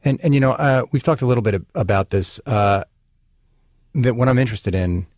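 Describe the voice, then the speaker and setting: A man's voice: mid-range voice, brisk, darkish tone, no room sound, muffled recording. A man hosting a podcast interview, talking earnestly with many fillers and restarts. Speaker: podcast host. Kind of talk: casual interview chat.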